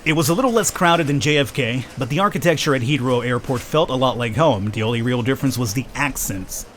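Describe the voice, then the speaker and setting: A man's voice: mid-range voice, fast talker, fairly bright tone, a little hiss or hum. A man hosting a let's play, reading a story game aloud and breaking off for joking, self-mocking asides. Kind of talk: reading a visual novel aloud with jokey asides.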